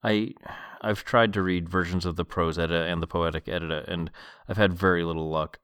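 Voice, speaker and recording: A man hosting a podcast, reading a novel aloud in a calm, measured way and then chatting about the page. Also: sits low, clean tone, no room sound, clean studio sound. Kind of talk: book reading and commentary.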